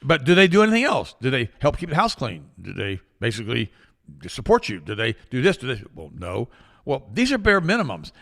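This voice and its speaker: A man's voice: medium pitch, fairly quick, creaky. A man co-hosting a talk show, telling stories with acted-out quotes in opinionated casual talk. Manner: lively storyteller, acts out quoted voices, repeats himself.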